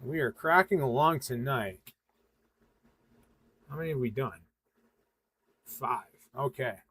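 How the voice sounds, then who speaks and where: A man's voice: mid-range voice, slow, fairly bright tone, breathy edge. A man from western Massachusetts hosting a live tarot reading, talking casually with a loose, rambling flow and plenty of ums and uhs. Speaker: tarot reader hosting a livestream.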